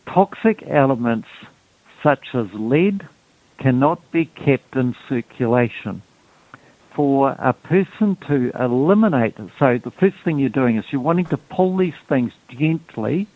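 Halting man on a tinny phone line. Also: medium pitch, no room sound. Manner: halting, many ums and restarts. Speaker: health guest explaining detox. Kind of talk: explanatory talk.

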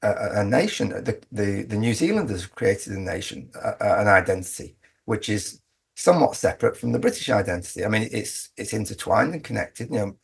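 A man's voice: on the low side, animated, fairly quick, gravelly, breathy edge. A man speaking as an interview guest, making his case emphatically and often restarting his sentences. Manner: emphatic, argumentative, with frequent restarts. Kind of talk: conversational interview.

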